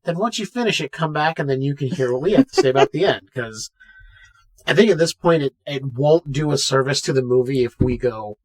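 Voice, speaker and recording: A man's voice: mid-range voice, brisk, low-quality recording. A man co-hosting a podcast, casually retelling a film scene by scene and acting out the lines. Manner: animated retelling with quoted voices. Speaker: podcast co-host. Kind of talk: casual movie recap chat.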